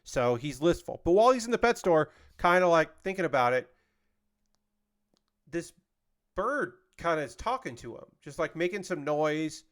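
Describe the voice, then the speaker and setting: A man's voice: a little high, sing-song, moderate pace. A man casually chatting with his stream audience while building a model kit, rambling as he works. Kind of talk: casual chat on a livestream.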